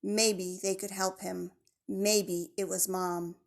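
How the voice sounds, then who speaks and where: Woman audiobook narrator, mid-range pitch, gravelly edge, measured delivery. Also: level tone. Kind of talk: scripted narration of a children's novel.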